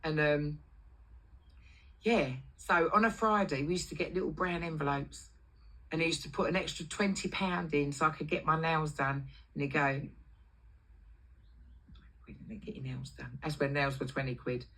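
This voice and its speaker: A woman's voice: deep voice, moderate pace, a bit bright, poor audio. A middle-aged woman hosting a livestream, telling brash, foul-mouthed stories about her past and acting out the voices of people in them. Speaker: livestream host. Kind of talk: casual storytelling on a livestream.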